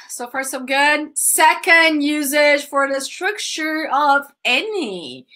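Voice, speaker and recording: A high, bright woman's voice explains grammar in a slow, unhurried way, speaking English as a Portuguese speaker. She is chatty and repetitive and keeps addressing her students as "guys.". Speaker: English teacher. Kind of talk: live online grammar lesson.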